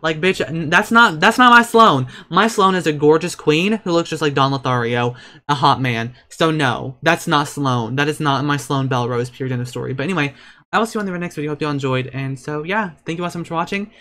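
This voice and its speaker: A man's voice: fairly high pitch, fast talker, fairly bright tone. Sassy, campy young man gaming. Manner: campy, sassy, swears a lot, swings between cooing and outbursts. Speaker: gaming channel host. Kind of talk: casual let's-play commentary.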